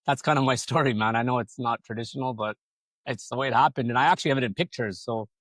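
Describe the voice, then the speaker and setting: A man's voice: medium pitch, fast, a bit bright, no echo. A man telling his business story as a podcast guest, rambling casually, swearing freely and acting out other people's lines. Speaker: podcast guest, solar company founder.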